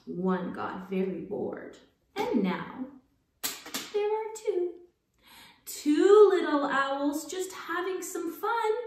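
A woman leading a children's circle time, reciting a counting rhyme in a slow, animated, sing-song way. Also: fairly high pitch, a little hiss or hum. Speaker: early-years program leader. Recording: echoey room, far from the mic.

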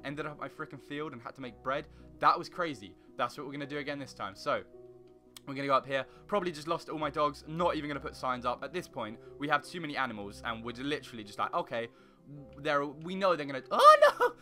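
A young man commenting on his own gameplay in a rambling, excitable way, breaking into panicky yelps. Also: medium pitch, fast, faint music behind. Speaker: gaming channel host. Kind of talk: casual let's play commentary.

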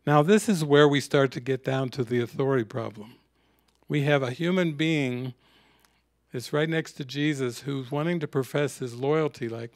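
A man with a mid-range voice speaks at a moderate pace in a steady tone. He is teaching a spiritual retreat, telling stories and reflecting in a sermon-like talk, and he quotes scenes as he narrates.

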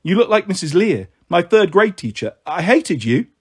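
Guy doing an earnest young girl hero, husky voice, a bit high. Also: big pitch swings, moderate pace, heavily acted. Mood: upset.

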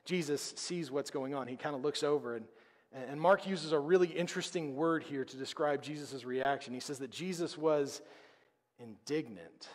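A man preaching a sermon as pastor, conversational and emphatic, with dramatic pauses. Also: a little high. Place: church sanctuary. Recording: long reverb of a church hall.

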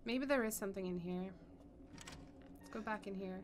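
A woman's voice: mid-range voice, moderate pace, pauses often, background noise. A young woman doing horror game commentary, scared and swearing as she talks herself through it. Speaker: gaming streamer.

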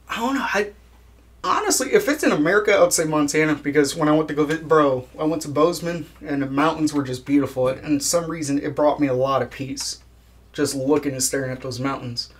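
A young man chatting casually in an interview, laid-back, swearing a lot and laughing at his own jokes. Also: on the high side. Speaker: guest musician.

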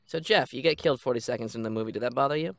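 A man voicing an earnest eight-year-old boy filmmaker who talks in quick, stammering bursts. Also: mid-range voice, creaky, noisy background, close to an everyday voice.

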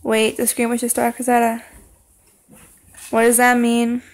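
Young woman doing horror game commentary, high voice with a gravelly edge, yells at the screen when scared. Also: completely flat delivery, slow. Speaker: gaming channel host.

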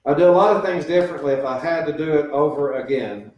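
A man's voice: on the high side, quick pace, a little mellow. A middle-aged man preaching as pastor, talking earnestly and conversationally about raising children, with quoted voices mixed in. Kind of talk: sermon. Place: church sanctuary. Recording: echoey church, mic from a distance.

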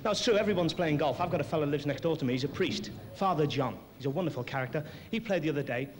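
A man doing a stand-up comedy routine as compere, with cheeky quick-fire jokes. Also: a little high, animated. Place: large theatre stage. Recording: noisy old video tape with audience. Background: audience laughter.

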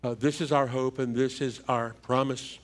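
A middle-aged man, a pastor, giving a funeral sermon in a church with a measured, halting delivery and repeated words. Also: mid-range voice, little pitch movement. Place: church sanctuary. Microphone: livestream church microphone.

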